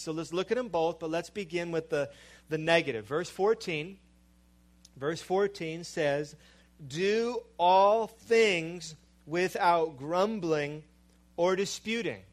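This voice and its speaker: A male preacher delivering a sermon in a slow, emphatic way, with dramatic drops in volume. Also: sits high.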